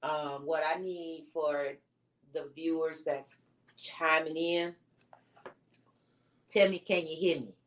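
Slow, slangy woman co-hosting. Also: deep voice, fairly even intonation. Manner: laid-back, slangy, drawn-out delivery. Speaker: co-host. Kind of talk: casual live-stream chat.

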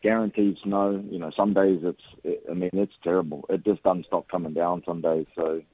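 Low-voiced New man on a phone line. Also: moderate pace, no room sound. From New Zealand. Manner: relaxed, many fillers and restarts. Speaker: radio guest, sports coach. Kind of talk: phone interview.

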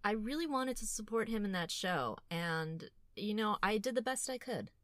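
A woman co-hosting a casual podcast chat, wry, joking and animated. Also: medium pitch, normal speed, no echo, clean studio sound. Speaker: podcast co-host.

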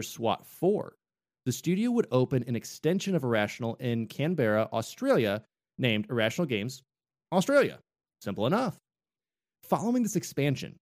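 A man's voice: mid-range voice, darkish tone. A man co-hosting a casual chat about game history, joking and playful. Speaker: podcast co-host.

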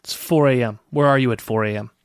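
A man's voice: medium pitch, quick pace, smooth, dry recording, clean studio sound. A man co-hosting a casual comedy podcast. He talks in a laid-back way and laughs often. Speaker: podcast co-host.

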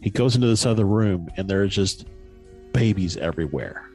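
A man's voice: sits low, lively intonation, moderate pace, a little mellow, faint music behind. A man on a podcast casually retelling a story in a rambling way, with many fillers and restarts.

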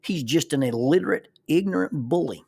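A man telling a personal story as a life lesson, animated and acting out the people in it. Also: fairly high pitch, a little fast, gravelly, slightly rough. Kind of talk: spoken storytelling.

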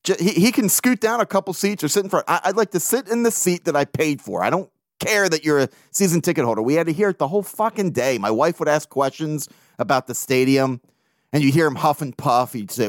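A man's voice: fairly high pitch, animated, fairly quick, dry recording, clean studio sound. A man hosting a podcast, telling stories in a rambling, profane, self-mocking way. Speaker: podcast host. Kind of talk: casual monologue.

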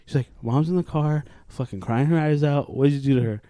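A young man tells a story among friends on a podcast, laughing often and swearing freely. He acts out what other people said. His voice sits a bit high and sounds dry and close. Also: a little fast, dark tone, dry recording. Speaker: podcast co-host. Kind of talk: casual chat.

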